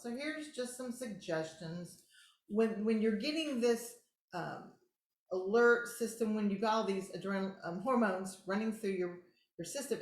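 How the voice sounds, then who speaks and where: A woman who calmly and encouragingly guides listeners through simple relaxation tools in a casual teaching talk. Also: medium pitch. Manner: calm, instructive, encouraging. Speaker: host. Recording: roomy echo.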